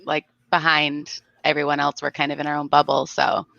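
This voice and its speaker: A woman's voice: low voice, completely flat delivery, moderate pace, creaky, fairly bright tone, no room sound, dull audio. A woman from South Florida hosting a casual livestream and greeting her viewers by name. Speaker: livestream host.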